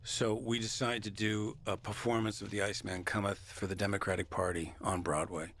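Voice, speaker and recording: A man being interviewed as an actor, telling stories in a lively, reflective way. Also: fairly low pitch, brisk. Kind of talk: reflective conversational storytelling.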